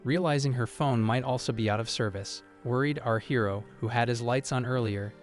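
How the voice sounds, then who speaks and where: Guy reading a story recap, steady even tone, soft music under it. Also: mid-range voice, normal speed. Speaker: recap narrator. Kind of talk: scripted narration. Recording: faint music behind the voice.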